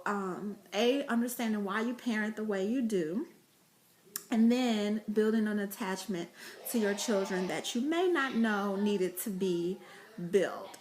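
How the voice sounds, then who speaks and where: A woman vlogging about parenting, telling chatty stories to camera with laughter and fillers. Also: medium pitch. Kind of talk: casual vlog talk to camera.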